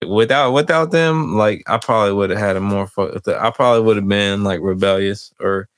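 A man's voice: lowish voice, a little fast, fairly bright tone, no echo, studio quality. A man co-hosting a casual podcast, talking in a rambling, reflective way, often laughing and filling gaps with "you know what I mean". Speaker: podcast co-host. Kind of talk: casual chat.

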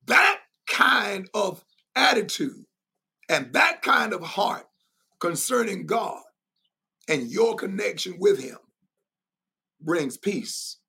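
A man preaching in an emphatic, repetitive way, building his points through repetition. His voice is high and bright, with a gravelly, husky edge. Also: sing-song, slow, pauses often. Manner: emphatic and repetitive, with bursts of laughter. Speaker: preacher and Bible teacher. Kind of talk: sermon-style teaching.

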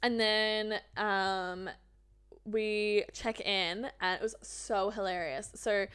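Animated Australian woman telling stories. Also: mid-range voice, slow pace, clean tone. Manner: animated storyteller, swears freely, many "like" fillers. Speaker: podcast co-host. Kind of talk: casual chat.

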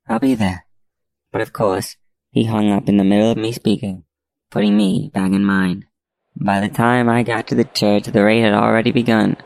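A man narrating a first-person detective story in a measured, deadpan way. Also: lowish voice, creaky, rough recording.

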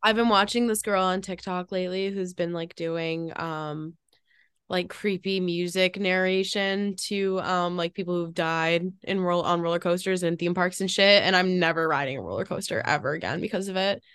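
A young woman co-hosting a podcast, talking in casual chat full of "like" fillers and quick laughs. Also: lowish voice, a bit bright, clean tone, dry recording. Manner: chatty, frequent "like" fillers, laughs often. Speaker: podcast co-host.

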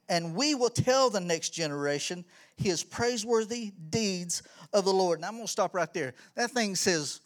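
A middle-aged children's ministry pastor delivers a lively, preacher-style church talk that builds to emphatic shouting. His voice is high-pitched and his pace moderate.

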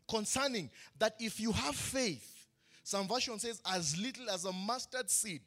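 Male pastor, high bright voice, emphatic call-and-response preaching. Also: animated, normal speed. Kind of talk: sermon.

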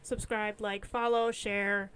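A woman's voice: mid-range voice, level tone, slow, a bit bright, clean tone. A woman co-hosting a podcast in casual, teasing chat with a friend. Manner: chatty, teasing, playful sing-song asides. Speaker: podcast co-host.

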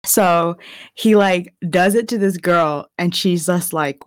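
A woman's voice: fairly low pitch, unhurried, no echo, studio quality. A young woman in casual podcast chat, retelling a story in a rambling way, saying "like" constantly and swearing often. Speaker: podcast co-host.

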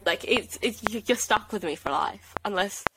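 A young woman hosting a casual podcast chat, telling stories excitedly and rambling with lots of "like". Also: mid-range voice, normal speed, noisy background. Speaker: podcast host.

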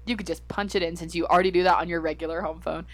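A woman's voice: lowish voice, fairly even intonation, very fast, no room sound. A woman co-hosting a casual podcast, teasing and blunt, who also reads out true crime notes. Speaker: podcast co-host.

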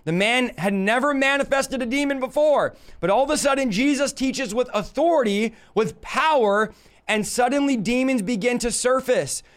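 A man's voice: very high-pitched, moderate pace. A man preaching a live-stream Bible teaching, emphatic and full of rhetorical questions to his audience.

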